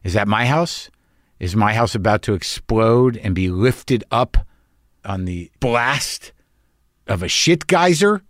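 A man's voice: fairly low pitch, expressive, slow, dry recording, studio quality. A middle-aged man hosting a show, talking in a rambling comic monologue that is profane, wry and darkly joking. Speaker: podcast host.

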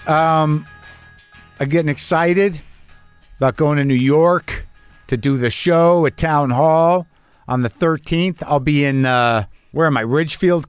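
Middle-aged guy doing his podcast opener, kinda high voice, wry and rambly, dead dry sound. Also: clear, resonant tone, no room sound. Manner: rambling, wry, with halting restarts. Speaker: podcast host. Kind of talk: casual monologue.

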